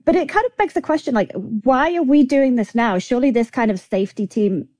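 A woman's voice: fairly high pitch, lively intonation, fairly quick, darkish tone, dry recording. A woman screenwriter answering interview questions in a chatty way, using plenty of fillers. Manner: chatty, with many "like" and "kind of" fillers. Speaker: guest screenwriter.

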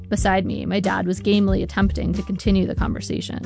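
A woman's voice: medium pitch, level tone, quick pace, gravelly, few pauses, darkish tone. A woman narrating her memoir as a scripted audiobook, with a dry, wry storytelling manner. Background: faint guitar music.

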